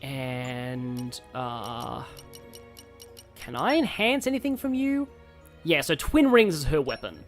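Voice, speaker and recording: A man's voice: medium pitch, very animated, takes it slowly. A man streaming a game, thinking aloud in a rambling casual way with many fillers. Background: faint game music.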